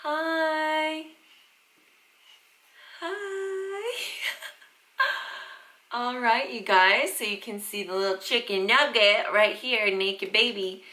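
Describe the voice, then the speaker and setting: A woman's voice: mid-range voice, moderate pace, hardly any pauses, sharp tone, poor audio. A young woman from the southern United States, a first-time mom chatting casually to her vlog audience at home. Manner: chatty, playful baby talk. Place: home room with baby.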